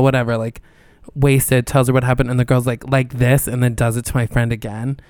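A man's voice: mid-range voice, level tone, brisk, darkish tone, clear, resonant tone, no echo, studio quality. A young man co-hosting a podcast, chatty, telling stories and laughing often. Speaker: podcast co-host. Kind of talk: casual chat.

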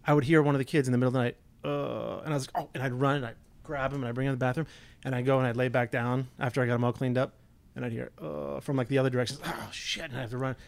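A man co-hosting a podcast, a teasing and animated storyteller in casual banter. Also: mid-range voice, very fast. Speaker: podcast co-host.

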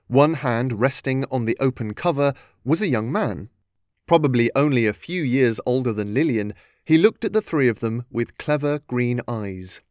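A man narrating a storybook in a steady, measured reading. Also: medium pitch, no echo, clean studio sound. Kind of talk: audiobook narration.

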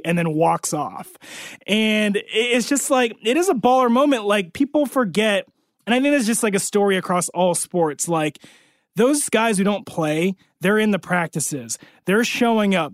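A man hosting a casual sports chat show, telling stories with animated asides. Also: high-pitched, dry recording. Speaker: podcast host.

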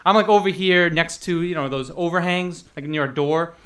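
Young guy telling work stories, bit high voice, laughs a lot, does the voices. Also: moderate pace, fairly bright tone. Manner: laughing storyteller, acts out quotes in a higher voice. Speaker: podcast co-host telling restaurant stories. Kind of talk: casual chat.

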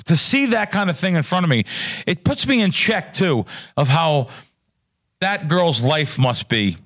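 A man's voice: on the high side, expressive, unhurried, fairly bright tone. A man who is a professional sports bettor, telling a story on a podcast in a heated, emotional way with stammering restarts. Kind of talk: casual podcast chat.

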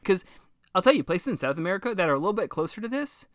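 A man talking through history on a podcast in a casual, animated way, swearing freely and slipping into voices for the people he quotes. His voice sits a bit high for a man, and it is recorded dry and close with little room sound. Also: very fast, no room sound.

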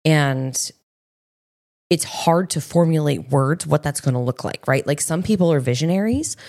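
A woman with a low voice and a gravelly edge, co-hosting a casual podcast. She tells rambling everyday stories, full of fillers and asides. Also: normal speed, a little mellow. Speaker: podcast co-host. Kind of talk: casual chat.

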